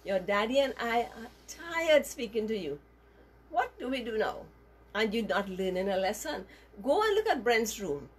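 A woman's voice: on the high side, sing-song, normal speed, a little hiss or hum. A woman voicing a stern, fed-up mother scolding her untidy son in a children's story. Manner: scolding, insistent.

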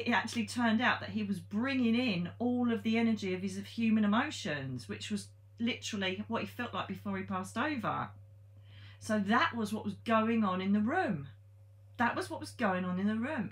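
A woman, a psychic medium telling a ghost story in a chatty, blunt way, with frank swearing and many ums. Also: fairly high pitch. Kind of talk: casual storytelling monologue.

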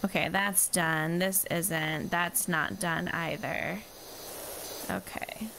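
A woman's voice: lowish voice, steady tone, slow, gravelly, noisy background. A young woman chatting casually and rambling while she plays a video game. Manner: chatty, rambling, self-deprecating. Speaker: gaming vlogger. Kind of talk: casual chat while gaming.

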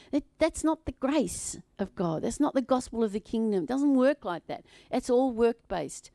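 A woman preaching a sermon to a congregation in an animated, playful way, often laughing and acting out voices. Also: fairly high pitch, normal speed, gravelly, few pauses, no echo, studio quality. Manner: acts out quoted voices.

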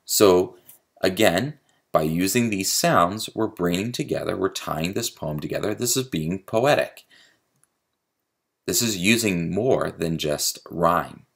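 A man's voice: low-pitched, slow pace, vocal fry. A man giving a creative writing lecture, explaining poetry step by step and tapping out the meter aloud. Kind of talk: recorded video lecture.

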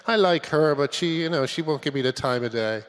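Man doing a mopey little boy, bit higher, whiny, echoey hall. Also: fairly quick, close to an everyday voice. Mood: glum. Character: mopey ten-year-old boy, glum. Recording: long conference-hall reverb.

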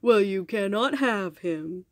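A woman voicing a boastful male giant in a storybook reading, speaking slowly and mockingly. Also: expressive, no echo, clean studio sound. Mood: gloating. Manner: slow, booming, mocking.

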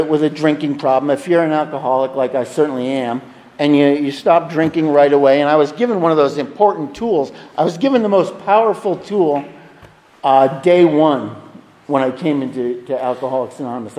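Fairly high in pitch and darkish in tone, a man shares his own recovery story at a meeting. He speaks candidly, confessing things with a wry, humorous edge, and the sound echoes as if in a reverberant hall.

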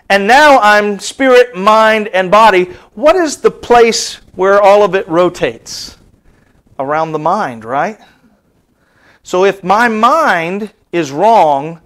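Preacher, man, 50s, high-pitched voice, sermon delivery with animated rises and hushed asides. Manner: animated preaching, dropping to soft asides then rising high.

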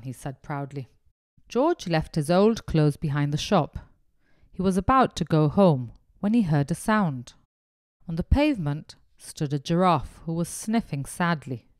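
A woman reads a children's picture book aloud at a very slow, gentle pace. Her voice sits low for a woman and the recording is close and dry. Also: expressive, dry recording. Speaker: narrator.

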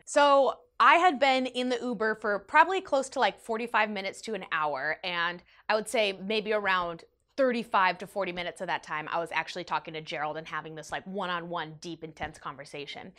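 A young woman vlogger telling a personal story in an animated, emotional way, with big swings in her voice. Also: medium pitch. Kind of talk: storytime vlog.

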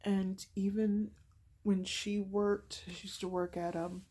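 A woman in her forties sharing a personal faith testimony, earnest and heartfelt, with many fillers and a soft, emotional delivery. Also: mid-range voice, level tone, slow.

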